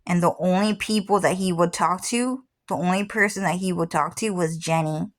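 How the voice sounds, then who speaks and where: A woman's voice: on the low side, normal speed. A woman in her thirties telling a personal story in a casual, rambling way, often repeating herself and swearing. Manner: rambling, repeats "what happened is", swears freely. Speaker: vlogger.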